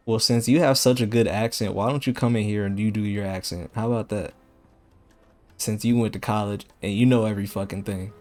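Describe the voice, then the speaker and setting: A man's voice: fairly low pitch, fairly even intonation, a little fast, soft background music. A young man streaming a video game, joking and teasing in casual, profane commentary.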